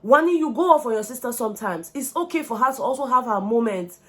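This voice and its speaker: A woman's voice: a little high, fast. A young woman giving a casual gossip recap, animatedly acting out what other people said. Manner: animated, acts out quotes of others. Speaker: reality show recap vlogger.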